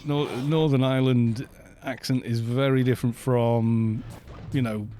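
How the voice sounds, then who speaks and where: Mellow-voiced man with softened Welsh accent. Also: medium pitch, fairly even intonation, measured pace, a little hiss or hum. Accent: mixed British with softened Welsh. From Wales. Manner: chatty, laughs often, grumbles at other players. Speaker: gaming live-streamer. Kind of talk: casual live-stream chat while playing.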